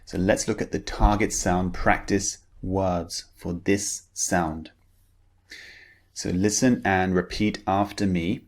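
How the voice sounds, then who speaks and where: Slow, low-voiced pronunciation teacher. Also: male voice, steady tone. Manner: careful, drawn-out enunciation of model words. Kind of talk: slow, deliberate pronunciation lesson.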